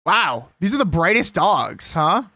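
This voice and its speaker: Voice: medium pitch, very animated, a little slow, bright, forceful tone, breathy edge, no echo, studio quality. A young adult live streamer chatting casually and with strong opinions while reading a list aloud.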